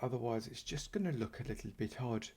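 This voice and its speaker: A man's voice: medium pitch, fast, a little mellow, a little hiss or hum. A man, giving casual, playful commentary while playing Minecraft and thanking supporters. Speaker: Minecraft YouTuber.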